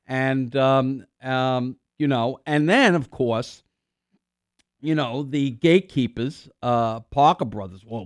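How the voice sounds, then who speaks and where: A middle-aged man hosting a call-in radio show, rambling from point to point with plenty of "uh"s and restarts. His voice is smooth and resonant, close on a studio microphone with a dry, dead sound. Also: on the high side, no echo. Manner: rambling, filler-heavy, restarts often; coughs and clears throat now and then. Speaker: radio host.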